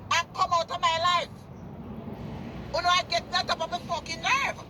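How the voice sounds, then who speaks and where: A woman's voice: very high voice, steady tone, a little fast, pauses often, over loud music, low-quality recording. A Jamaican woman in a heated, cursing rant, repeating herself as she talks outdoors. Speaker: vlogger. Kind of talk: angry profane rant.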